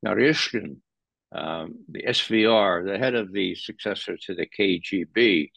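A man commenting as a guest in an interview, animated and sardonic, rising sharply in pitch when he stresses a point. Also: measured pace, creaky, no echo. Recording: dull lo-fi dry sound.

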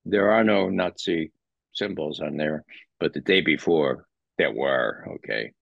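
A man commenting as a guest in an interview, animated and sardonic, rising sharply in pitch when he stresses a point. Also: unhurried, gravelly, slightly rough, no room sound. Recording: dull lo-fi dry sound.

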